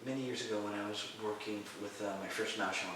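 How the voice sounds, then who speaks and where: Animated man telling a story in an echoey room. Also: quick pace. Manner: animated storyteller, acting out voices in a high shout. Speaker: guest teacher of Taoist mysticism. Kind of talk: storytelling interview. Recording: echoey room, distant mic, faint hiss.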